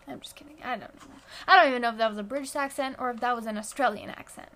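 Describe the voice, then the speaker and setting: A woman's voice: fairly high pitch, racing, hardly any pauses, fairly bright tone, a little hiss or hum. A woman hosting her own podcast in rambling, self-deprecating casual chat, recorded on a phone while sitting on the floor at home. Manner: rambling, chatty, self-deprecating, many fillers. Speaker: podcast host.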